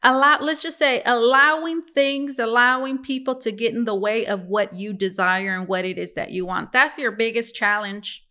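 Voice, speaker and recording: Chatty, bright-voiced woman tarot reader. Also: on the high side, moderate pace, hardly any pauses. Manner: musing, chatty, addresses viewers as guys. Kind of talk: casual tarot reading to viewers.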